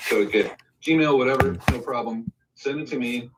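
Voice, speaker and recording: A man's voice: medium pitch, moderate pace, very noisy. Man, casual anecdote, video call, acted-out quotes, slightly distant from mic. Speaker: guest telling a studio story. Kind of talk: casual storytelling on a live stream.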